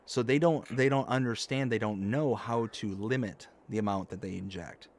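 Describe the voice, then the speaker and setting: A man's voice: on the low side, moderate pace, a little hiss or hum. A man hosting a live stream, casually telling an anecdote and reading chat comments aloud, acting out quoted lines.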